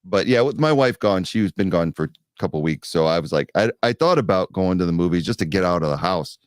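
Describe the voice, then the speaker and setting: A man co-hosting a podcast in casual chat, animated and quick to laugh. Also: low-pitched, smooth, dry recording, clean studio sound. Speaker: podcast co-host.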